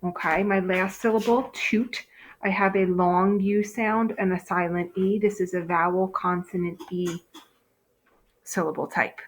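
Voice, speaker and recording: A woman's voice: on the low side, steady tone, measured pace, a little hiss or hum. Woman, teacher, phonics lesson, patient step-by-step explaining, fillers and check-ins. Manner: patient, explains step by step, frequent okays and ums.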